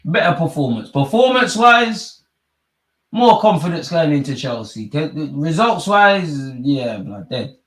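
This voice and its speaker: A young man hosting a live football watch-along, animated and slangy, swinging from loud outbursts to low muttering. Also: unhurried, slightly rough.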